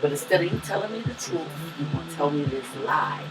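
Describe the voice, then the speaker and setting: A woman co-hosting a podcast, telling a profane, animated story that swings between loud and hushed. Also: low voice, quick pace. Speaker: podcast co-host. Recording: distant mic with music behind.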